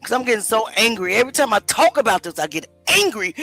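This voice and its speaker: Heated woman host, lively swooping voice. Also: on the high side, quick pace, few pauses, no echo. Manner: emotional, confrontational ranting. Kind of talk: heated livestream commentary.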